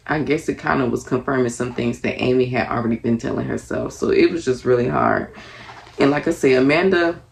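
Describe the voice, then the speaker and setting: A woman's voice: rumbling low, vocal fry. A young woman casually reviewing a reality TV episode, chatty and earnest, with lots of fillers. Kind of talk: casual reaction commentary.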